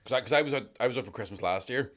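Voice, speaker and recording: A man's voice: mid-range voice, rapid-fire, a bit bright. A man with a Northern Irish accent, a comedian guest chatting casually on a podcast, swearing freely and telling stories with laughs. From Northern Ireland.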